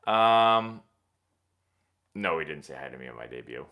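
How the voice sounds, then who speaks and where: A young man hosting a casual live stream, answering viewer questions in a rambling, animated sports-fan way. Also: a bass voice, brisk, pauses often. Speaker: host of a live baseball Q&A stream.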